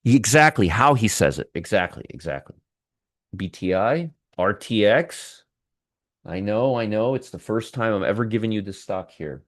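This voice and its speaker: A man's voice: fairly low pitch, expressive, normal speed, no room sound. Man, trading show host, wry, sarcastic, live market commentary, dry sound.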